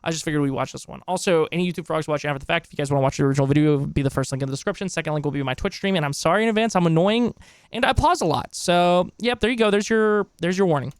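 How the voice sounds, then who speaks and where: Chatty young man with a smooth, higher voice. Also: racing, dry recording, clean studio sound. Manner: rambling, loose and chatty, swears often. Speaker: streamer reacting to videos. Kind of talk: casual live-stream chat.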